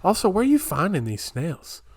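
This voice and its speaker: A man's voice: high voice, huge pitch swings, moderate pace, darkish tone, dry recording. Rambling incredulous young man, dry close sound. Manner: rambling, incredulous, riffing while reading aloud. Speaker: podcast host. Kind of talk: solo comedic podcast rant. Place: small home room, camera on floor.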